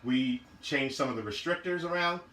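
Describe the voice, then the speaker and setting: A man walks through engine parts in a casual vlog, rambling and circling back with fillers and restarts. His voice sits mid-pitched and easygoing. The sound is roomy and echoey, with a faint hiss of ambient noise behind it. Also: normal speed, bright, forceful tone. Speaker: car build vlogger. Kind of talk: casual show-and-tell of car parts.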